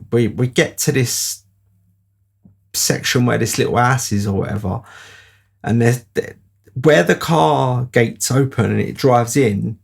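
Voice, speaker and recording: A man's voice: medium pitch, creaky, slightly rough. A man telling a rambling personal anecdote in a casual way. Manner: rambling, with fillers and laughs. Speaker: storyteller.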